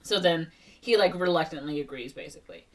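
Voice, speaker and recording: A woman with a lowish voice talks through a movie's plot in a loose, rambling way, full of "like" and "um". She sits a little back from the mic, so her voice sounds slightly distant. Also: brisk. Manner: rambling, filler-heavy retelling with many "like" and "um". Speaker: podcast co-host. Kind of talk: casual movie recap.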